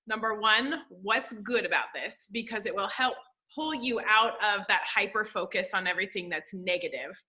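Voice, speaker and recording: A woman's voice: mid-range voice, moderate pace, bright, forceful tone. A woman hosting an interview, talking about tools she teaches her clients in an encouraging, emphatic way. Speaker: podcast host and coach. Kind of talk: conversational interview.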